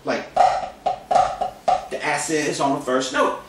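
Over loud music, a man with a slightly high voice takes his time giving a goofy, relaxed drum lesson. He jokes, repeats himself and bursts into mock bragging. A distant camera mic captures him in a very echoey room.

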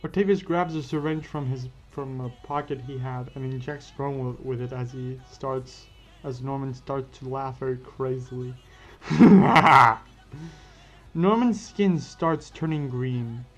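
A man's voice: mid-range voice, moderate pace, a little mellow. Man narrating a fan story casually. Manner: unscripted, self-correcting. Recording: dull lo-fi with faint music.

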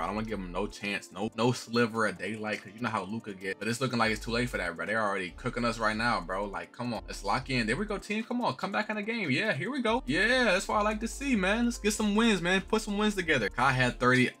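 Fast, bright-voiced excitable male gamer. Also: medium pitch. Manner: excitable, shouts in sudden outbursts, slangy, repeats "bro". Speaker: gaming streamer. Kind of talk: live gameplay commentary.

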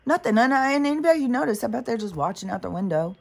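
A woman's voice: fairly high pitch, animated, fast talker, gravelly, darkish tone, breathy edge. A woman vlogger in a casual spiritual monologue, rambling and swearing often.

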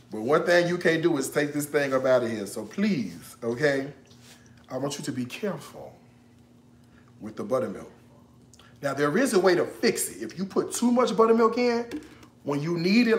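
A talkative man walks viewers through a recipe on a casual cooking livestream. His voice sits a little high and swings up and down a lot as he jokes and laughs his way along. The sound carries the echo of a roomy kitchen. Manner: chatty, joking, bursts of laughter. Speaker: cooking show host.

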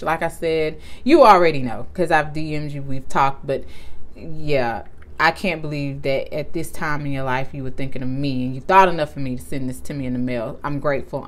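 Woman vlogger, gushing, lowish voice. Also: slight background noise. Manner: effusive, gushing, often near tears. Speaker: channel host. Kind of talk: casual vlog chat.

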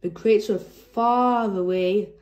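A woman reading a children's picture book aloud in a gentle storytelling manner. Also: mid-range voice, slow pace. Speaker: storybook reader.

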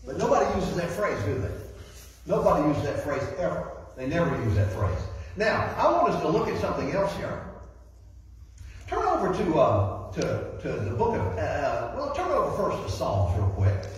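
A man preaches in a lively, rising and falling voice, pressing his points by saying them over and over. He sounds distant from the mic, and his words ring out through a big echoey church hall. A faint hum sits under it all. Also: a little high, normal speed. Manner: repeats key phrases and reads scripture aloud. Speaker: guest preacher. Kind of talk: sermon. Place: church sanctuary.

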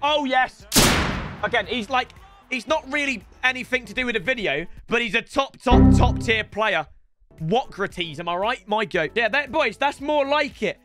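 A young man giving excitable commentary on his own football video game matches, with shouting outbursts and joking banter. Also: very high voice, moderate pace, over loud music. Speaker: gaming YouTuber.

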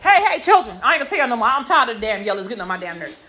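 A young woman live streaming from a busy family home on her phone, chatting casually and scolding her children loudly and bluntly. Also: a little high, sing-song, racing, heavy background noise. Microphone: phone camera.

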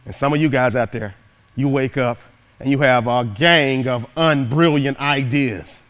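A man giving a motivational speech through storytelling, animated and dramatic, swinging from loud peaks to hushed asides. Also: mid-range voice, unhurried. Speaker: motivational keynote speaker.

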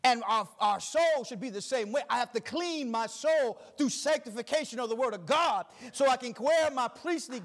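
Male pastor, middle-aged, very high voice, preaches with emphatic repetition. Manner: preaching with rising emphatic repetition, reading scripture slowly. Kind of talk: sermon.

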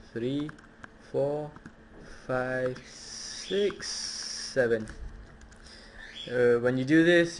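A man's voice: medium pitch, a little mellow, a little hiss or hum. A man hosting a casual home tutorial, hesitant and full of fillers. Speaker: tutorial host.

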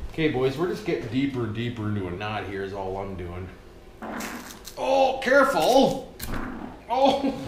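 A man's voice: medium pitch, fairly bright tone, slight background noise. A Canadian man vlogging casually as he works, joking and swearing and talking to his viewers as "boys". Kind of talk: casual vlog while working. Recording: echoey room.

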